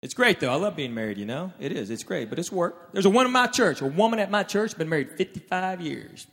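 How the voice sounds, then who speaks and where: A man's voice: high voice, fast talker, few pauses, slightly rough. A man performing a stand-up routine, telling stories and acting out his relatives' lines. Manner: animated storyteller, acts out relatives' lines. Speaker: stand-up comedian. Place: live stage in a large hall. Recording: reverberant live hall, faint room noise.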